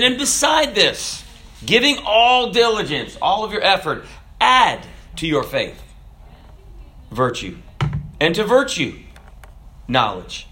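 A male preacher giving a sermon, reading scripture and joking with the congregation. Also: sits high. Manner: animated, joking, teaches from scripture.

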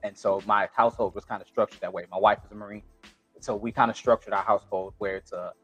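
A man's voice: lowish voice, steady tone, fast, a bit bright, slightly rough, soft background music. A man co-hosting a casual podcast discussion, talking bluntly and profanely, with frequent restarts. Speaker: podcast co-host.

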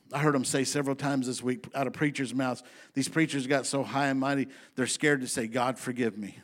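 A man preaching a sermon to his congregation in a folksy, emphatic style, slowing down to read scripture and speeding up for asides. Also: medium pitch. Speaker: pastor.

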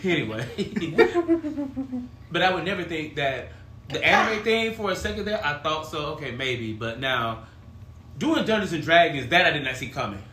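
Bright-voiced man in his forties, echoey room. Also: fairly high pitch, sing-song, moderate pace. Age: 40s. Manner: rambling, laughs often while storytelling. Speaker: podcast host. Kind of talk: casual chat.

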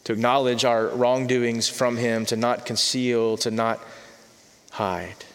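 A man preaching a sermon as pastor, earnest, repeating words and dropping softly for emphasis. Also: medium pitch, level tone, measured pace. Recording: long reverb of a large hall.

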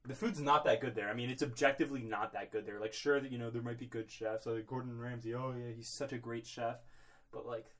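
A man's voice: medium pitch, steady tone, fairly quick. A young man co-hosting a podcast in a small closet, rambling mock-seriously with lots of filler words. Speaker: podcast co-host. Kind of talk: comedic casual chat.

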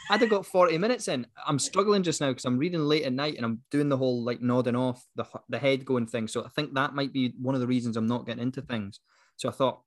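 A man's voice: mid-range voice, quick pace, dry recording, studio quality. A Scottish man from Scotland co-hosting a book podcast, talking in an easygoing, self-mocking way. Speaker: podcast co-host. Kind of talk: casual chat.

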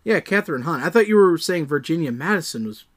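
A man with a fairly high, very lively voice talking through a movie in a casual podcast chat. He often hesitates and restarts, and acts out his own reactions as he goes. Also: fast. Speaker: film podcast co-host.

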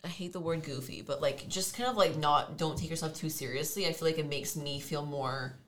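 Young canadian girl, really low voice, kinda halting, slight hiss behind. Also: fairly bright tone. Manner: hesitant, halting phrasing with many "like"s. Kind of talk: casual chat.

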